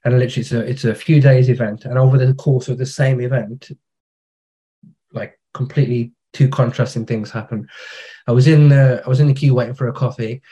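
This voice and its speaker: A man talking as a podcast guest. His voice is mellow and warm, and he speaks frankly and casually. He tells long anecdotes and uses slang. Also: medium pitch, fairly even intonation, a little fast. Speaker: podcast guest, digital marketer. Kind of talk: casual conversation.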